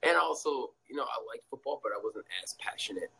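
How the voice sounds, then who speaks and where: A young man telling a story as a guest in a casual interview, animated and laughing often, acting out quotes in a high voice. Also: a little fast, gravelly, breathy edge, low-quality recording.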